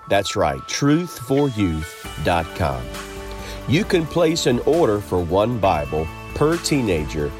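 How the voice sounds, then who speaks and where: A man reading a scripted ministry announcement in a smooth, earnest voice. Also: deep voice. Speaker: program announcer. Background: music bed.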